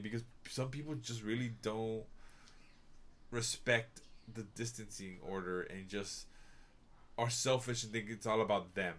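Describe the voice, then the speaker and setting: A man's voice: mid-range voice, fairly even intonation, a little fast, a bit bright. A man co-hosting a casual chat, retelling the story in a playful, teasing way with quoted asides.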